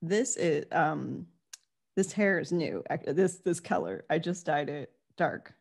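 A woman's voice: low voice, slow, creaky, darkish tone. A woman who does improv comedy, guesting on a podcast and chatting in a giggly, rambling, self-deprecating way. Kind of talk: casual comedy podcast chat.

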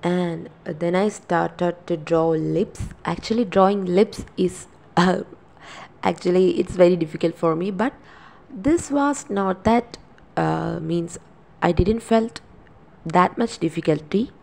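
A young woman with a hoarse voice from a sore throat and cold, chatting apologetically as she narrates her drawing vlog. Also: fairly low pitch, takes it slowly, a little mellow. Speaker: drawing vlogger. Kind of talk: casual voice-over narration.

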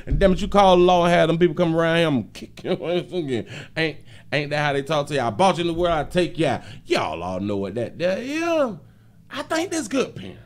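A male host on a live stream, talking loudly and laughing often as he reacts to a video. His voice sits a bit high for a man and swings widely in pitch, rising sharply and dropping low again. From Florida. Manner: loud, laughing, animated street talk. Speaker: show host.

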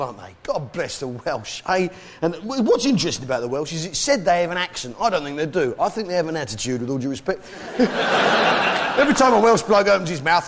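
Male stand-up, English accent, pompous patriotic blowhard, high lively delivery over roaring audience laughter and heavy noise. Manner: bombastic mock-patriotic bluster, barking punchlines. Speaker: stand-up comedian. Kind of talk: stand-up comedy rant. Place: comedy stage before a live crowd.

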